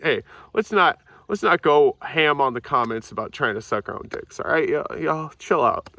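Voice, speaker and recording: A man's voice: fairly high pitch, lively intonation, moderate pace, pushed and bright, dry recording. A man telling a story to camera in a loose, rambling, profane way, mocking himself and laughing at his own jokes. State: sober, in recovery. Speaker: vlogger.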